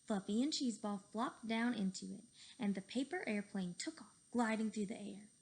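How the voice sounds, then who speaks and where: A woman reading a children's book aloud with lively, expressive storytelling. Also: mid-range voice, normal speed. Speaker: reader.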